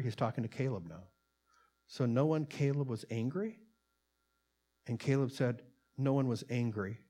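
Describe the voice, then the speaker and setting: A man preaches in an earnest, plain-spoken way, his voice sitting at a middle pitch. He reads quoted lines aloud with more force and fills his own commentary with ums and restarts. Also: a little mellow. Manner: earnest, rising in volume on quotes, many fillers. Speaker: pastor. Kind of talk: sermon with read-aloud transcript.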